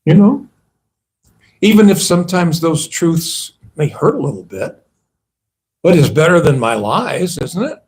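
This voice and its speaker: A man's voice: a little high, very animated, measured pace, long pauses, a little mellow. A man, a monk, giving a conversational sermon at a temple and asking his listeners rhetorical questions. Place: temple hall.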